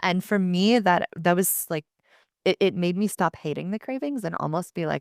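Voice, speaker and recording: Podcast co-host, woman, low gravelly tone, blunt and animated, dry close sound. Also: moderate pace, no echo. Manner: animated, blunt, swears freely. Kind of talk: casual podcast chat.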